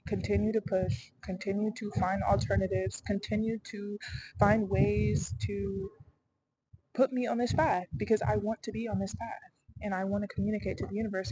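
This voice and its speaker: A woman's voice: mid-range voice, little pitch movement, normal speed, background noise. A young adult woman talking through her doubts in a rambling, earnest personal vlog, her delivery swinging to emphatic bursts. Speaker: vlogger.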